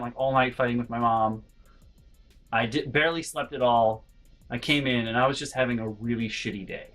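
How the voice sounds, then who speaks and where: Animated man telling a personal story. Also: mid-range voice, rough recording. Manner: animated, swings between hushed and loud, swears freely. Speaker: vlogger. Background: faint background music.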